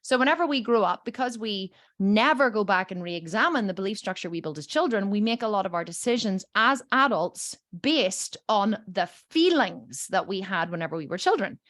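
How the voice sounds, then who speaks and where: A woman coaching a group in a lively, animated way, her pitch swinging widely as she tells stories. She keeps checking in with her listeners and acts out the voices of the people in her examples. The sound is dry and close, with almost no room around it. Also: normal speed, few pauses, no echo. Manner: animated storytelling, checks in with "okay?" and "right?". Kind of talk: teaching a group session.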